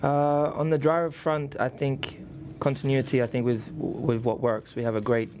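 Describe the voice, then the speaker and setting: A racing driver giving earnest, enthusiastic answers at a press conference, often repeating words. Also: male voice, medium pitch, level tone, moderate pace, a little mellow, slight background noise.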